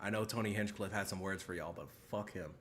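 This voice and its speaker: A man's voice: on the low side, steady tone, quick pace, a crowd in the background. A man hosting a podcast, reacting to a video in a laid-back, joking way and reading out viewer greetings. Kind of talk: casual reaction commentary.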